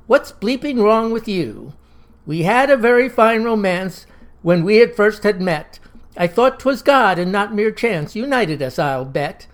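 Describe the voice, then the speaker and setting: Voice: medium pitch, animated, unhurried, pitched above the performer's own voice. A narrator voicing an earnest young woman of about nineteen, reciting in a sing-song way.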